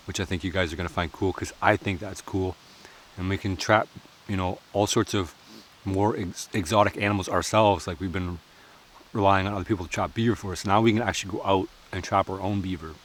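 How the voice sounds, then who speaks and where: A man's voice: low-pitched, fairly bright tone, a little hiss or hum. A man chatting casually while cooking at an outdoor forest camp, joking and laughing often.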